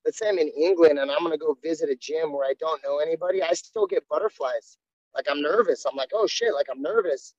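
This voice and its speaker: A man's voice: a little high, fast, darkish tone, dry recording. A man, a jiu-jitsu coach, talking candidly and earnestly in a casual interview, often restarting his sentences. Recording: dull, dry sound.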